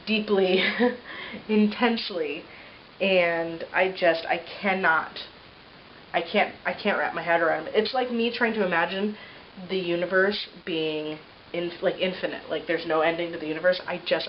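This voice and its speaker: Tender rambling mom, low voice. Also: female voice. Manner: rambling, tender, meandering with many fillers. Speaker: mother of three giving a baby update. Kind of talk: casual vlog chat. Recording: slightly muffled with faint hiss.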